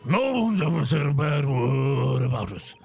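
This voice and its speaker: A man doing a gravelly, servile vigilante. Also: mid-range voice, very animated, moderate pace, darkish tone, faint music behind, heavily acted. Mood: devoted. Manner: relishing, servile storytelling. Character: grovelling older male vigilante, eager and servile.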